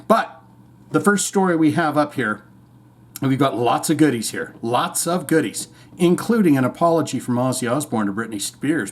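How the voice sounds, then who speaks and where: A man hosting a podcast, giving rambling, irreverent, profanity-laced commentary on the news. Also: a little high. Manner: rambling, irreverent, swears freely. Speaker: podcast host.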